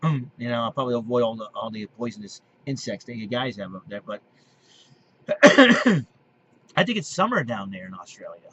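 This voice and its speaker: A man in his late thirties hosting a casual monologue video from his basement, rambling with frequent restarts and throat clearing. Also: mid-range voice, very animated, normal speed, pauses often, fairly bright tone. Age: 30s. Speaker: video host. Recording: dull lo-fi home recording with faint noise.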